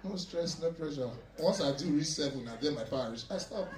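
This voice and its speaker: A male stand-up comedian with a Nigerian Pidgin accent, telling a story in an animated way and acting out other voices. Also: a little high, a little fast, roomy sound, recorded from a distance, crowd noise. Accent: Nigerian Pidgin English. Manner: animated, acts out voices, laughs often.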